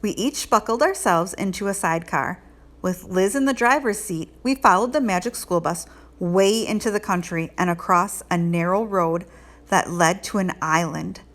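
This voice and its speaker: A woman reading a children's picture book aloud in an expressive, lilting storytelling way. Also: on the low side, normal speed. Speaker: read-aloud host.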